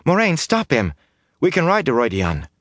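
A man voicing an indignant young woman who protests loudly. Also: a little high, wildly swooping pitch, moderate pace, no room sound, studio quality, voice pushed up, full character voice.

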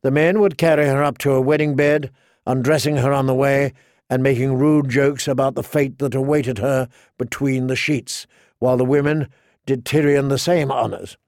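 A man narrating a fantasy novel in an audiobook with measured, even storytelling. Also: mid-range voice, no room sound, clean studio sound.

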